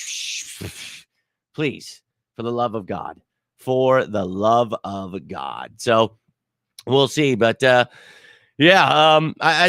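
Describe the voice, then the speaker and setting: A man's voice: mid-range voice, no room sound, clean studio sound. Fired-up man ranting on a live fan show. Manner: fired-up, ranting, blunt, swearing; shouts out viewers by name. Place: home.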